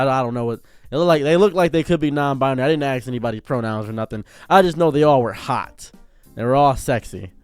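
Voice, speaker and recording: Animated man telling a wild story. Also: smooth, no room sound. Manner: animated, swings between loud outbursts and low mutters; acts out dialogue in his telling. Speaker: commentary streamer. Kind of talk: casual storytelling.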